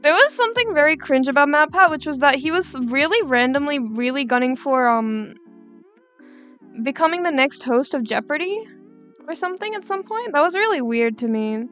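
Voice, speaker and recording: A woman's voice: sits high, expressive, normal speed, a bit bright, faint music behind. A woman livestreamer chatting casually while drawing, rambling onto tangents and joking.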